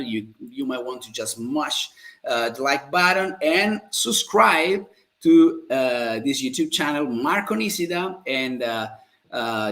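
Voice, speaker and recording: Slow, lively Italian man teaching. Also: medium pitch. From Italy. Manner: slow, drawn-out model phrases repeated for learners; upbeat and positive. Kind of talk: live-streamed language lesson.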